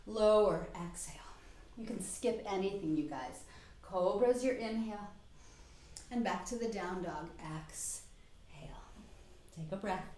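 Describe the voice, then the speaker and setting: Middle-aged woman leading a yoga flow, gentle encouraging cues, bit breathless, big echoey room. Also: medium pitch, a little hiss or hum. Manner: calm, encouraging cues, soft breathy exhales. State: slightly out of breath. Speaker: yoga instructor. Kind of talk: guided yoga class instruction.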